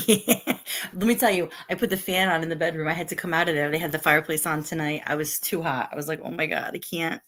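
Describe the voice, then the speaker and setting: A woman's voice: low-pitched, fairly even intonation, fast, a bit bright. A middle-aged woman hosting a casual live stream, chatting and greeting viewers by name and laughing often. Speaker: livestream host.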